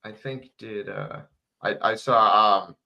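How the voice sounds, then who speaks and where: A man's voice: lowish voice, steady tone, slow pace, gravelly, dull audio. A man on a sports radio show as a guest reporter, chatting casually and filling with "like" and "right.". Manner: fills with "like" and "right".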